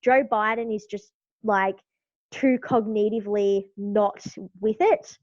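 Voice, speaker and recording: A woman's voice: medium pitch, fairly even intonation, takes it slowly, darkish tone, no room sound, muffled recording. A young Australian woman talking frankly as a podcast guest, with many fillers. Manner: chatty, lots of fillers, frank. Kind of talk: casual political chat.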